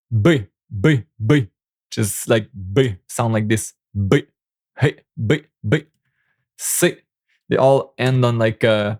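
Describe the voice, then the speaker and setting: A man's voice: mid-range voice, unhurried, a little mellow. A young man from Quebec with a Québécois French accent, a native French speaker teaching pronunciation in a casual spoken lesson, repeating each sound many times. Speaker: language teacher.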